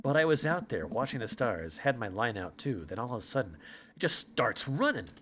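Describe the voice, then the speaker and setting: A man's voice: mid-range voice, very animated, a little fast, background noise, lightly acted. A man voicing a boastful, competitive rival dad, read aloud in a mostly plain voice. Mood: storytelling.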